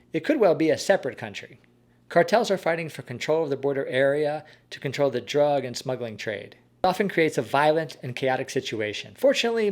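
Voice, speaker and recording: A man calmly narrating a scripted personal story in a measured way. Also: a little high. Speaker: host.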